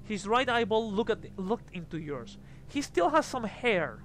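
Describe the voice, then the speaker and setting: A man's voice: high voice, big pitch swings, unhurried, fairly bright tone. A man running a tabletop game as game master, narrating a scene in descriptive bits with restarts. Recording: music in the background.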